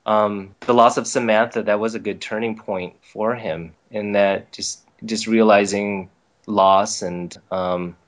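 A man guest on a podcast, chatting casually and telling lively stories in which he acts out the quotes. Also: lowish voice, measured pace. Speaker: voice actor guest. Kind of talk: casual chat. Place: based in Los Angeles.

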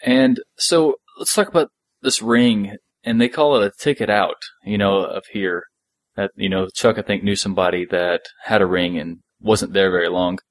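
Low-voiced laid-back male podcast host. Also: normal speed, no room sound. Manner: enthusiastic, laid-back fan banter. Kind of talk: casual chat.

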